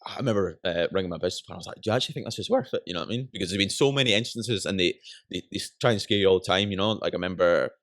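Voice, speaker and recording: Fast-talking deep-voiced Scottish man. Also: dry recording, studio quality. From Scotland. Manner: rapid rambling with frequent "you know what I mean". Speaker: podcast guest. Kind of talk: casual chat.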